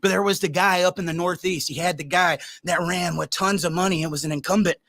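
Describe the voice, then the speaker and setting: A man hosting a podcast, delivering an impassioned, fiery rant with shouted, repeated lines. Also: sits high, steady tone, fast talker, no echo, studio quality. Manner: fiery, shouting, preacher-like repetition. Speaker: podcast host.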